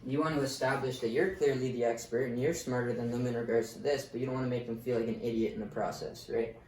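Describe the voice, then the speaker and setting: A man's voice: medium pitch, fairly even intonation, fast talker, darkish tone. Casting note: a man coaching on sales, laid-back and profane. Voice sits in the middle and sounds set back from the mic. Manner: casual, blunt, swears freely. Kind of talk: motivational sales lesson. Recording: roomy, distant mic, faint noise.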